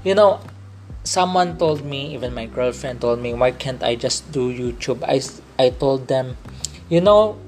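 A man's voice: medium pitch, expressive, unhurried, a little mellow, a little hiss or hum. A man from the Philippines with a Filipino English accent, hosting a faith-based podcast in an earnest way, often repeating and restating his phrases. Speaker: podcast host.

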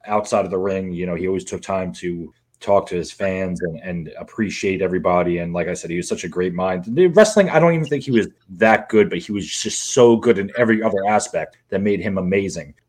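A man's voice: low voice, a little fast, hardly any pauses, a little mellow. A man co-hosting a podcast, talking in a rambling, emotional way and swearing freely. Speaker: podcast co-host. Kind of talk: casual podcast chat.

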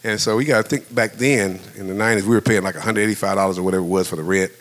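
A man in his fifties preaching a sermon in a relaxed, conversational way, telling a personal story and often breaking into laughter. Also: lowish voice, rapid-fire. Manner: conversational, animated, laughs often, acts out voices. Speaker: pastor.

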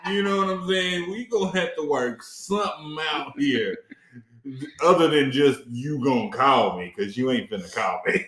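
A man telling stories in a casual chat, animated and profane, laughing often. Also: fairly high pitch, unhurried, roomy sound.

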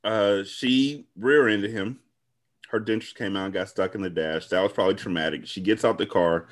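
A man's voice: fairly low pitch, normal speed. A man co-hosting a podcast in casual chat, wryly recounting events step by step with blunt profanity. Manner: wry storytelling recap with blunt profanity. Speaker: podcast co-host.

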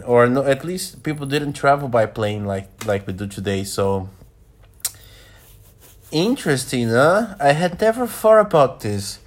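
A man reading a novel aloud, often stopping to comment and restate what he just read. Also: on the high side. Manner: stops to comment and restates lines.

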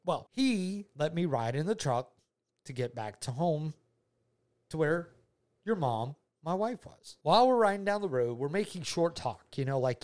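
Rambling dad telling a story. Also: male voice, on the high side, moderate pace. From Georgia, USA. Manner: animated, rambling, repeats words, voices the people in his story. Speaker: father telling a story to his child. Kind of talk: casual family storytelling.

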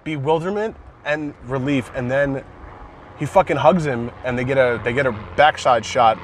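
A man in casual conversation about movies, retelling scenes excitedly and swearing often, recorded in a car. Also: medium pitch, normal speed, slight background noise.

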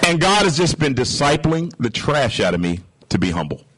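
A man's voice: on the high side, normal speed, background noise. A man preaching a sermon, telling stories and acting out the dialogue, often asking the congregation questions. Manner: animated storytelling, acting out dialogue. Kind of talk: sermon with told anecdotes.

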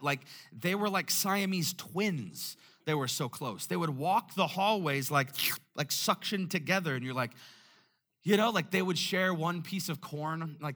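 A male pastor preaching a sermon, telling a personal story and acting out the dialogue with lively energy. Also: fairly high pitch. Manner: animated storyteller, acts out dialogue.

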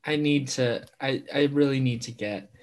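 A man's voice: mid-range voice, normal speed, over a noisy crowd. A man co-hosting a podcast in casual chat, playful and jokey. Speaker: podcast co-host.

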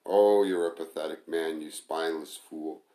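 A man's voice: rumbling low, steady tone, normal speed, dark tone. A man voicing a blunt, scornful male restaurant manager who mocks and lectures his friend. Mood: contemptuous. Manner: mocking, bossy, insulting. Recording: roomy echo.

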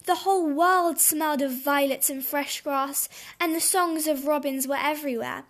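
A woman reading a children's storybook aloud in a gentle, expressive way. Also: high-pitched, moderate pace.

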